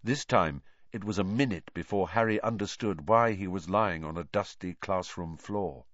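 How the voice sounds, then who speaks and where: A man reading a novel aloud as an audiobook narrator, with expressive delivery. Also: low-pitched, normal speed, no room sound, dull audio.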